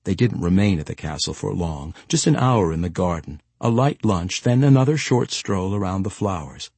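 Low husky male narrator, lively intonation, measured fantasy audiobook read. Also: no room sound. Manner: expressive, measured storytelling.

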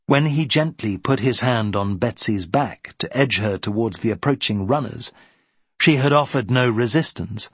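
A man narrating a period novel as an audiobook in a steady, even manner. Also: lowish voice, slightly rough, dry recording.

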